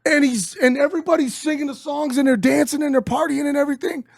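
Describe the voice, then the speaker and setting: A middle-aged man tells a story in a casual interview. His voice is high and gravelly, and he is recorded dry and close. He swears freely and acts out what people said. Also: fast, no echo. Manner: animated, swearing, acts out quotes. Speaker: interview guest.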